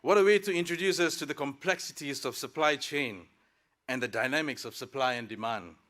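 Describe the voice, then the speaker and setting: Man, student speaker, thirties, podium speech, formal with light jokes, forceful tone. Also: mid-range voice, brisk. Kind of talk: prepared convocation speech. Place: graduation ceremony.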